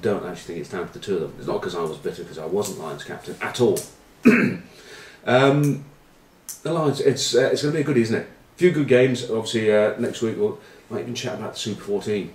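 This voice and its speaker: A very low-voiced man ambles through rugby tales as a pundit, padding them with ums and dry banter. He sits back from the mic in a roomy, echoing space. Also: brisk, darkish tone, distant mic. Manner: rambling storyteller, full of ums and uhs, dry banter. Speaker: rugby pundit, former player. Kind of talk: casual rambling rugby chat with anecdotes.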